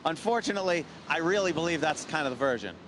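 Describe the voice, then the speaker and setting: A man's voice: on the high side, lively intonation, fast, a bit bright, slight background noise, poor audio. A man co-hosting a show, joking wryly while talking outdoors on a city street. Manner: wry, joking. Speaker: radio co-host. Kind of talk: street banter.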